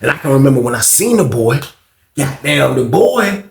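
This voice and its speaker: A man's voice: medium pitch, sing-song, normal speed, gravelly, echoey room. A man telling a story in a casual, slangy, profane way and talking to his viewers as "y'all".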